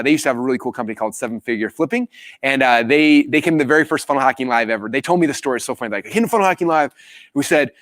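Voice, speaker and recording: A man hosting a live business training, telling a story with animated acted-out quotes. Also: no echo, clean studio sound. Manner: animated storytelling, acts out quotes with big pitch jumps.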